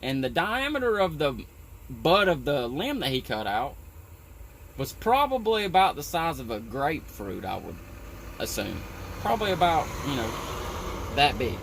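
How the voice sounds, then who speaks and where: A man's voice: fairly high pitch, big pitch swings, moderate pace, creaky, fairly bright tone, slight background noise. Rambling, profane working man. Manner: rambling and profane, with lots of "you know". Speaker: tree-trimming crew worker. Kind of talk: casual storytelling.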